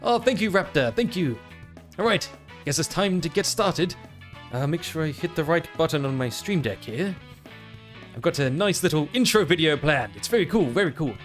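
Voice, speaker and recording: A man chatting on a livestream in the persona of a vampire lord, easily distracted and quick to thank new followers. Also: fairly high pitch, expressive, soft background music. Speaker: VTuber streamer.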